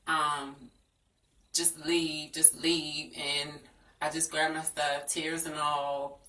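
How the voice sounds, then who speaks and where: Low-voiced woman telling a personal story. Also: bright, forceful tone. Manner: earnest, frank, heated as the story builds. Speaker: vlogger. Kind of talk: storytime vlog. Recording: echoey room, distant from the mic.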